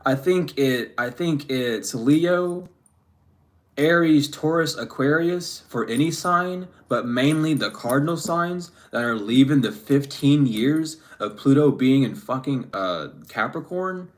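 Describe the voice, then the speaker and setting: A spiritual reader, a man with a medium-pitched voice and lively intonation, gives a casual reading in an unscripted monologue at a slow pace. He is blunt, swears often, and rambles, restarting his sentences as he goes.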